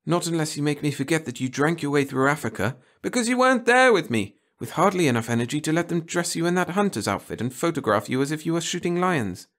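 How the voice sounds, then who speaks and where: A man voicing a cool, efficient female agent who speaks in crisp, cutting lines, in a read-aloud story. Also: on the high side, lively intonation, fast talker, hardly any pauses, a bit bright, voice pushed up. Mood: cool, scolding.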